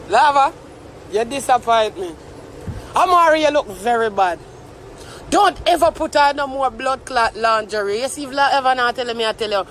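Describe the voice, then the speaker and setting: A man's voice: very high-pitched, lively intonation, normal speed, fairly bright tone, slight background noise. A young Jamaican man ranting on a live stream, mock-tearful and theatrical. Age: young adult. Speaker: social media commentator.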